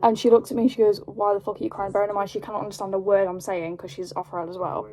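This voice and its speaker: A young British woman telling a story in a casual vlog, rambling and animated, with lots of fillers. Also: mid-range voice, rapid-fire. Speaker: vlogger.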